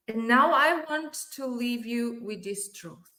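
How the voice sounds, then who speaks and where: A woman's voice: a little high, animated, slow pace, sharp tone. A woman giving a motivational keynote over a video call, repeating her phrases and affirming them with frequent "yes". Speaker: keynote speaker at a virtual summit. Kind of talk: motivational speech. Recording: roomy echo.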